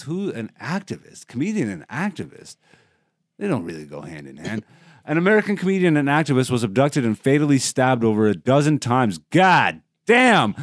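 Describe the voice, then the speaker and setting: A man co-hosting a podcast in casual, profane chat, loudly reading a news story aloud and laughing often. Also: mid-range voice, no room sound, clean studio sound. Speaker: podcast co-host.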